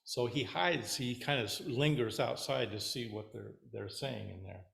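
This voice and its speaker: Male Zen teacher giving a rambling dharma talk, mid pitch, echoey meditation hall. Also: a little slow, creaky. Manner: relaxed, rambling, hesitant. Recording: roomy hall echo.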